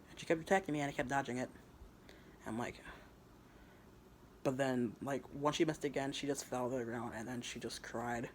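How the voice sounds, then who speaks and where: A man's voice: medium pitch, normal speed, pauses often, a little hiss or hum. Rambling, foul-mouthed male storyteller. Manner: rambling, crude, with repeated stumbling restarts. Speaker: storyteller retelling his own fan fiction. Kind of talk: casual retelling of a story.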